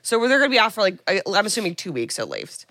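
A woman's voice: medium pitch, no room sound, clean studio sound. A woman co-hosting a podcast, casually recapping a movie and acting out the characters' lines as she goes. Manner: animated storytelling with quick acted-out quotes. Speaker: podcast co-host.

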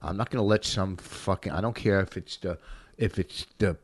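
A man's voice: low voice, moderate pace, no room sound. A man hosting a casual chat, blunt and swearing as he talks about doing comedy gigs. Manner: blunt, swears, speaks from a comic's view.

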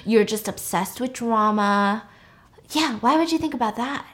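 A woman's voice: on the high side, unhurried, natural voice. A woman voicing a bitter young woman who speaks sweetly but with pointed, cutting edges. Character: cool, bitter young woman bent on revenge.

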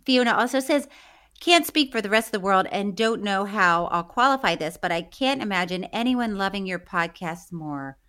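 A woman's voice: medium pitch, expressive, measured pace, fairly bright tone, smooth. A woman co-hosting a podcast, chatting casually, laughing often and reading listener letters aloud. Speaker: podcast co-host. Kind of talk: casual chat.

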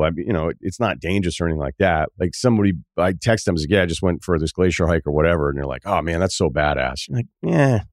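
On his podcast, a man with a deep voice spins a meandering, lively travel tale, voicing each person he encountered with big jumps in pitch. His sound is close-miked and dry, with no sense of a room and no audible room noise.

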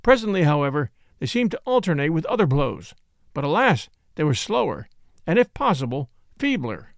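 High-voiced, lively male storyteller. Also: moderate pace, dry recording, clean studio sound. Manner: expressive storytelling. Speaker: narrator. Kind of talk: dramatic reading of a classic short story.

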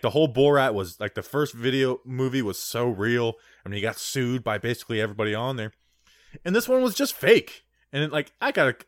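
A man's voice: medium pitch, a bit bright, no room sound, clean studio sound. Rambling man on a casual sports podcast. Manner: rambling, digressive, heavy on "like". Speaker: podcast co-host.

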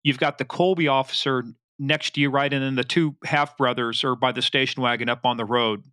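Bright-voiced chummy male host. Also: mid-range voice, steady tone, brisk, smooth, dry recording, clean studio sound. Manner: eager, chummy, asks leading questions. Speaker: podcast host, former trooper. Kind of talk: casual interview chat.

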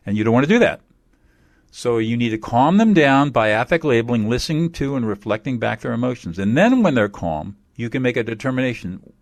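A man's voice: mid-range voice, sing-song, brisk, no echo. A man being interviewed as a mediator, explaining ideas emphatically and repeating key phrases. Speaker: attorney and mediator guest. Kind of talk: interview answers.

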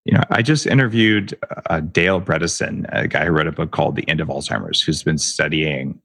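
Man, interview guest, gravelly, dry close sound, emphatic. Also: very deep voice, fairly quick, fairly bright tone, dry recording. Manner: emphatic, rants with rhetorical questions. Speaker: guest expert on health. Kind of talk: animated interview talk.

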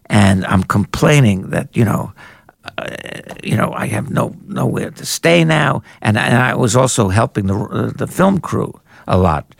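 An older man, an author and journalist, telling anecdotes in an animated way in a conversation and jumping into higher voices when he quotes people. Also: measured pace, creaky, no echo, studio quality. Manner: animated raconteur, jumps into high-pitched voices for quoted people. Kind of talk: anecdotal storytelling in a podcast conversation.

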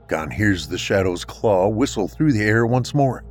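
A man narrating a scripted story in a dramatic, expressive reading. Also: lowish voice, measured pace, hardly any pauses, faint music behind.

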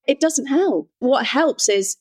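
A woman's voice: high-pitched, animated, slow pace, breathy edge. A woman, a podcast host and coach talking in a reflective, emphatic way. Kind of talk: conversational interview.

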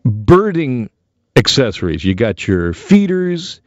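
A middle-aged radio host delivers a joking, theatrical monologue. His pitch swings widely from low to high. The sound is dry and slightly dull, with no room around it. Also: slow pace, no echo, faint music behind. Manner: animated, jokey, theatrical. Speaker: radio talk show host.

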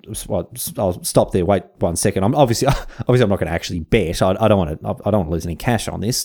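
Australian male podcast host, mellow tone, very lively pitch, cheeky and slangy, mock outrage on tap. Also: rapid-fire. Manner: irreverent, slangy, mock-indignant rants. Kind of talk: comedic history narration.

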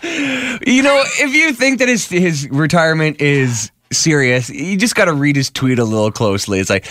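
A man's voice: a little high, big pitch swings, moderate pace, a bit bright, no room sound, studio quality. A man co-hosting a radio show, wisecracking and laughing often. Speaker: radio co-host. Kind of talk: morning radio banter.

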